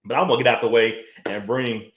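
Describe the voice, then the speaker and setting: A man hosting his live web talk show, talking in an excited, chatty way and often repeating himself. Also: medium pitch, brisk, roomy sound, a little hiss or hum, low-quality recording. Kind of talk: energetic livestream monologue.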